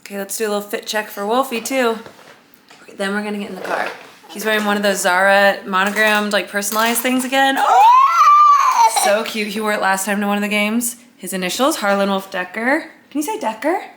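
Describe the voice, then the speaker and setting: A woman in her thirties chatting casually to a handheld camera at home, upbeat and at times hushed. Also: medium pitch, quick pace, background noise. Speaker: vlogger and sports broadcaster. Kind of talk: casual vlog chat to camera. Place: home, getting ready in the morning.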